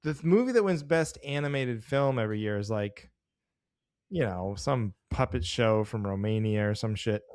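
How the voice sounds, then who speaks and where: A man's voice: fairly low pitch, expressive, normal speed, darkish tone, smooth, dry recording, studio quality. A man co-hosting a podcast in loose, joking casual chat, with lots of fillers. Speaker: podcast co-host.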